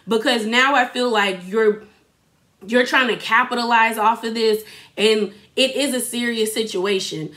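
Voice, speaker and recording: A woman's voice: on the high side, fairly bright tone. A young adult woman giving a chatty, opinionated recap of a reality show in casual slangy talk, acting out what people said.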